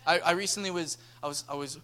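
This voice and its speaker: High-voiced energetic young preacher man. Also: fast. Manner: energetic storytelling preacher, acts out dialogue. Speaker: pastor. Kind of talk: sermon.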